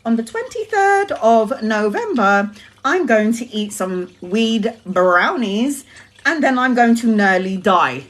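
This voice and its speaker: A woman from Brazil, a tarot reader, telling a story on a live stream with a lively, laughing and swearing manner. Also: fairly high pitch, takes it slowly.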